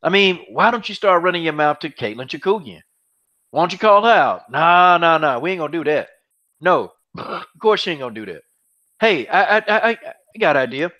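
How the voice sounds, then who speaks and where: A high-voiced man rants on a podcast, mocking and repetitive, swearing freely. The audio is dull and lo-fi. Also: a little fast. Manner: animated, mocking, repeats himself, swears freely. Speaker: podcast host. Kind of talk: heated casual MMA chat.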